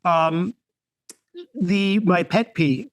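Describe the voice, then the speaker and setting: A man's voice: high-pitched, very slow, no echo. A man guesting on a casual podcast, complaining in a dry, wry tone. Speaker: guest author. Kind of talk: casual chat.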